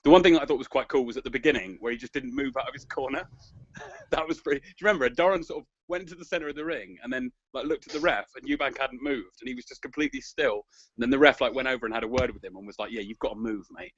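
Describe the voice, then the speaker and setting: A man's voice: mid-range voice, racing, fairly bright tone. A man co-hosting a boxing podcast, chatting in a rambling, casual way. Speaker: podcast co-host. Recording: dry lo-fi podcast audio.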